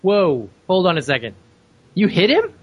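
A man voicing a boastful, cheerful flying superhero in a cartoon parody, with an incredulous, animated manner. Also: sits high, normal speed, highs cut off, heavy background noise.

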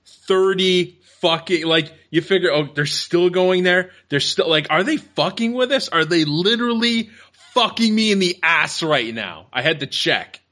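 A man's voice: high voice, expressive, moderate pace, sharp tone. A man hosting a podcast, ranting about movies in crude, exasperated casual chat.

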